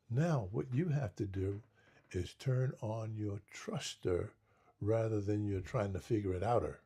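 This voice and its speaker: A man in casual talk as pastor and co-host, emphatic, slowing down and stressing scripture. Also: on the low side, husky. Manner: emphatic, slows and gets louder on scripture. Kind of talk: preaching in casual chat.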